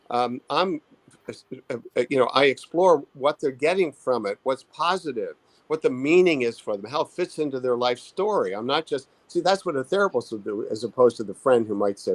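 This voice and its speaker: Thoughtful man with a halting delivery. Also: mid-range voice, no echo, rough recording. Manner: thoughtful, halting, many restarts and fillers. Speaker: therapist and author, interview guest. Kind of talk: conversational expert interview.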